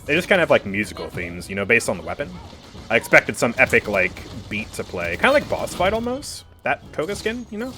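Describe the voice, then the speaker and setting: A man's voice: mid-range voice, very animated, brisk, music in the background. A man streaming a game live, chatting casually with his viewers and laughing often as he comments.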